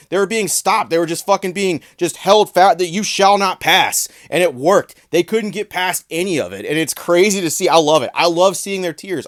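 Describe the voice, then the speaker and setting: A man giving ranting vlog commentary, profane, mocking and animated. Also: a little high, no echo, clean studio sound. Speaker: video commentator.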